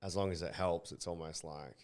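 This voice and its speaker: Smooth, deep-voiced host. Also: male voice, fairly even intonation, fairly quick, a little mellow. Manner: laid-back, blunt questions. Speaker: podcast host. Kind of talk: casual podcast conversation.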